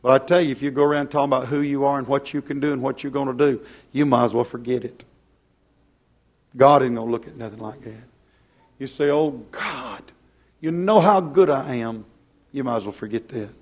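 A man preaching a plain-spoken, folksy sermon, swinging from loud to hushed. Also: mid-range voice, steady tone, fast.

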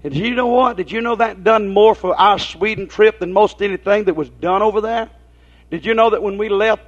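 On a dull lo-fi recording, a man with a high, slightly bright voice preaches a folksy sermon. He shares homespun stories and puts rhetorical questions to his listeners.

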